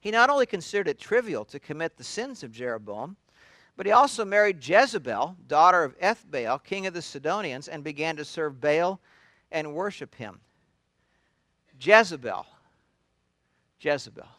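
A man's voice: fairly high pitch, sing-song, normal speed, fairly bright tone, no room sound. A man preaching a sermon, retelling scripture in a conversational storytelling way with frequent restarts. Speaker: pastor.

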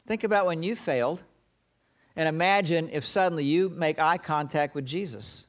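A man preaching a sermon, retelling a story with dramatic pauses and acting out the quoted lines. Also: fairly high pitch.

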